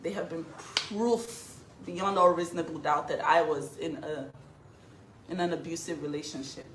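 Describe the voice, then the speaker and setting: A woman's voice: low voice, normal speed. A woman from Nigeria telling her side of a broken marriage, shaky but defiant. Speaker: social media personality. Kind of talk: emotional on-camera statement. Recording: echoey room with faint hiss.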